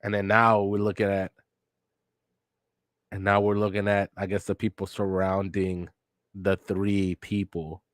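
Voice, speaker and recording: A man's voice: low voice, level tone, unhurried, long pauses, no room sound, studio quality. A young man hosting a podcast, reading a manga aloud and reacting to it in casual, joking, profane commentary with bursts of laughter. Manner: joking and profane, with sudden loud laughing outbursts.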